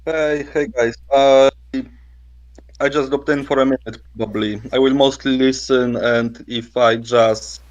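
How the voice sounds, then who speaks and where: A man's voice: mid-range voice, fairly even intonation, unhurried, highs cut off. Guy popping into a game call, kinda apologetic, trips over words, average voice. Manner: apologetic, stumbling. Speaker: player. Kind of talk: casual game chat.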